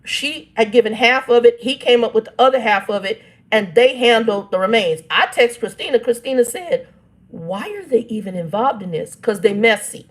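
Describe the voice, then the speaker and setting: A woman's voice: a little high, normal speed. Lady in her 50s venting about family drama on her channel, blunt and fed up. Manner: exasperated, reads text messages aloud, blunt asides. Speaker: channel host. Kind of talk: casual storytelling vlog.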